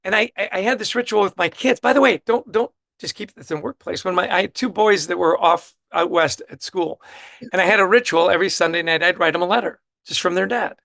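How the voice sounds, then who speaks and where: A middle-aged man telling lively stories with enthusiasm as a guest author in a casual interview. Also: high voice, fairly quick, vocal fry, no echo. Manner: animated, enthusiastic anecdote teller.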